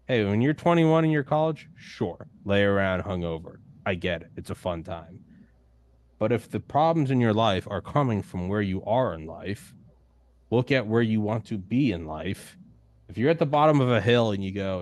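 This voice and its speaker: A young adult podcast host, appearing as a guest, speaks bluntly and emphatically in a casual roundtable discussion, swearing often. His voice is fairly low and expressive, delivered at a moderate pace.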